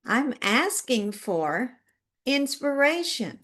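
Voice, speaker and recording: Slow, soothing woman guiding a tapping session. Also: a little high, lively intonation, a bit bright. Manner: slow, directive coaching with spoken affirmations. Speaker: EFT tapping guide.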